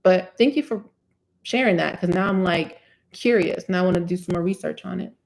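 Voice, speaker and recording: A woman's voice: lowish voice, fairly quick, creaky, darkish tone. A woman from New Jersey with a New Jersey accent, hosting a live hair care Q&A in a chatty style full of "you know what I'm saying". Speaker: curly hair care host answering live questions. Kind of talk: live Q&A chat. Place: indoors, live stream.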